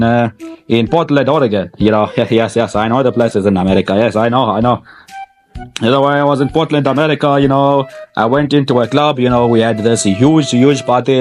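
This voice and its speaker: A man's voice: medium pitch, close to an everyday voice. A man putting on a crude, boastful male pro wrestler in a comedy skit, rambling and stammering over his words. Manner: rambling, stammering, repeats words, laughs at own jokes. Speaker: parody interview guest.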